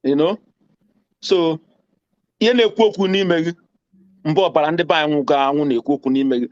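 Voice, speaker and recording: A man's voice: on the high side, a little fast, no room sound. A male caller, speaking with passion and repeating lines for emphasis. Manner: mixes Igbo and English, repeats lines for emphasis. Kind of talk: impassioned phone call. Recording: dull dry phone call.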